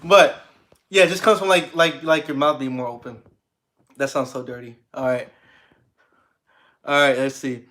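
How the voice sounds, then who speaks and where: A man's voice: mid-range voice, steady tone, normal speed, long pauses, fairly bright tone. A young man hosting a livestream, chatting casually with viewers in a rambling way, with many restarts and fillers. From United States. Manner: laid-back, swears casually. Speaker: livestream host. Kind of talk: casual livestream chat reading comments.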